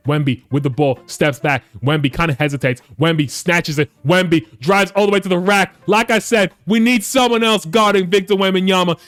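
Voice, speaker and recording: A man commentating his basketball video game for his viewers, excitable and swearing often, calling them boys. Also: high-pitched, no room sound. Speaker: gaming YouTuber.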